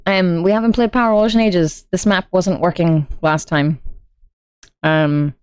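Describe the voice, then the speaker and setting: A woman's voice: lowish voice, steady tone, a little slow, a little mellow, clear, resonant tone, no echo. A woman streaming a game, chatting casually with a friend and her viewers in a rambling, giggly way. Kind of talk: casual gaming stream chat.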